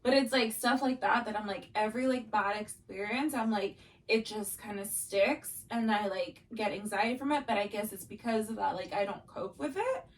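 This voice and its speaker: A young woman co-hosting a podcast in casual chat, speaking haltingly with constant "like" fillers. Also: mid-range voice, far from the mic. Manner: halting, heavy use of "like". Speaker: podcast co-host. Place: bedroom.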